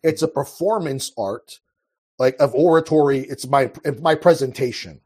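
A man's voice: medium pitch, moderate pace, darkish tone, breathy edge. A man speaking as a guest in a casual conversation, earnest and impassioned, often restarting his sentences. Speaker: podcast guest.

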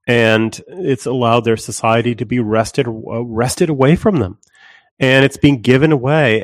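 A man's voice: medium pitch, no echo. A man co-hosting a spoken discussion, hesitant and repeating words as he starts his sentences.

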